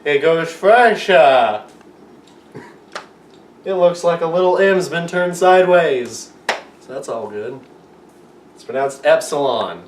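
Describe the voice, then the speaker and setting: A man's voice: a little high, steady tone, slow pace, long pauses. Joking young man teaching from far back. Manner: rambling, self-mocking, playful. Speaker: amateur video teacher. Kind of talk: casual joking lesson. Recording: roomy echo, far from the mic, faint room noise.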